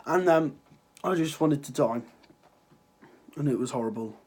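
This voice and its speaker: A man's voice: medium pitch, lively intonation, a little slow, a little mellow. Sniffly sarcastic teen guy ranting. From Ireland. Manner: sarcastic, rambling, swears freely. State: sick with a cold, sniffling. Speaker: vlogger. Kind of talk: casual ranting vlog.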